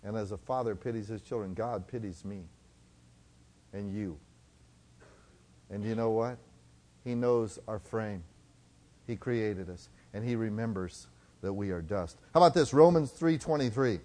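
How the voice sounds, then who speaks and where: A male preacher giving a sermon, swinging between loud exhortation and hushed tones and slowing down to read scripture. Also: medium pitch, expressive.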